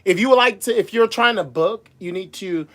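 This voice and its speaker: A man who performs as a drag MC, hosting a casual livestream from Las Vegas, reading out viewer comments and answering them in an animated, sassy way. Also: high voice, fairly quick. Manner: animated and sassy, calls viewers girl and boo, frequent laughs.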